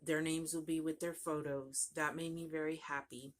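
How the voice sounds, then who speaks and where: A woman's voice: low-pitched, level tone, moderate pace. A woman vlogging casually about her crochet project, rambling and chatty, often trailing off and starting over. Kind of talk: casual chat to camera.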